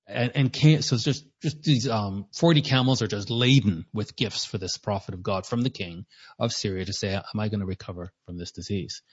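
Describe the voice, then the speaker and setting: Guy preaching a bible lesson, low husky voice, kinda dull lo-fi recording, chats through the scripture casually. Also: normal speed, darkish tone. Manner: retells scripture in his own words, conversational asides. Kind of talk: Bible teaching sermon. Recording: dull lo-fi sound.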